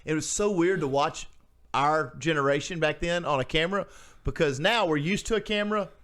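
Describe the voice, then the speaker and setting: A man's voice: on the high side, a little fast, fairly bright tone. A man, chatting casually as a podcast co-host, rambling and restarting his sentences. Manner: rambling, restarts sentences, acts out quoted voices. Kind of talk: casual chat.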